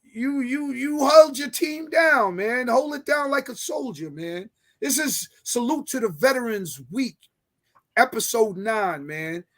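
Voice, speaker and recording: Sports talk host, male, high-pitched, brash, argumentative, slangy. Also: lively intonation, a little slow, fairly bright tone. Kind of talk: casual sports chat.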